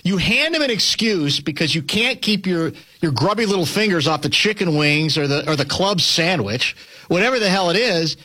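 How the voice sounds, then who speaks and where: A man's voice: high-pitched, lively intonation, normal speed, sharp tone. A man co-hosting a sports talk show, chatting casually, laughing often and restarting his sentences.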